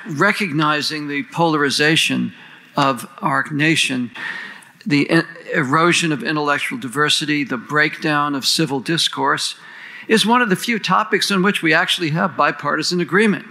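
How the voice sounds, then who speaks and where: Gravelly, bright-voiced man giving a formal speech. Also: fairly high pitch, moderate pace, low-quality recording. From United States. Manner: earnest, rhetorical, lists and questions. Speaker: panel moderator introducing speakers.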